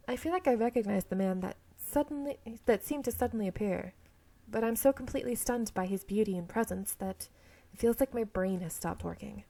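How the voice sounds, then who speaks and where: Gravelly-voiced woman reading a game aloud. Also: mid-range voice, fairly quick, mellow. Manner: reads narration, stumbles and self-corrects, laughs at herself. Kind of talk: reading a visual novel aloud with asides.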